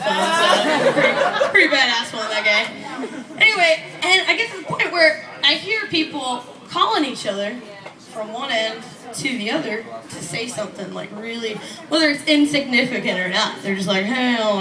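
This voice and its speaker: A woman's voice: a little high, distant mic. A woman doing a stand-up comedy set, rambling and profane, laughing often as she talks. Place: small comedy club stage. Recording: echoey club, mic heard from afar, loud crowd.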